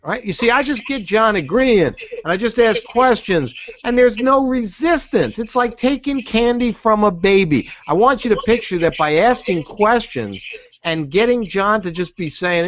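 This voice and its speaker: A middle-aged man leads a sales training role-play with an animated, questioning manner. His pitch sits a bit high and swings widely as he acts out answers. He talks like a coach drilling a trainee. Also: normal speed, no room sound. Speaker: business trainer.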